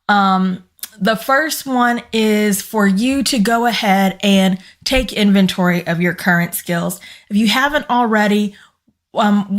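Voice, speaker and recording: A woman speaks straight to her viewers in a relaxed, motivational tone, urging them to grow their business skills. Her voice is hoarse and strained, as if she is losing it. She speaks earnestly, with the odd filler and restart. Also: medium pitch. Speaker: business coach and former corporate employee. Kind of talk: casual motivational talk to camera.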